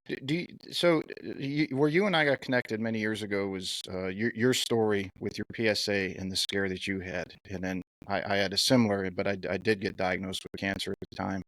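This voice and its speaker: Fifties male host, low voice, earnest rambling questions. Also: brisk, few pauses, fairly bright tone, dry recording, poor audio. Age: 50s. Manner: earnest, long winding questions. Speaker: podcast host. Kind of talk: podcast interview.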